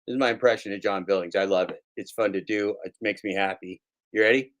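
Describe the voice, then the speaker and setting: A man hosting a casual livestream rants sarcastically, swearing plenty and repeating his own lines for effect. His voice is low and steady in tone, and he talks fast.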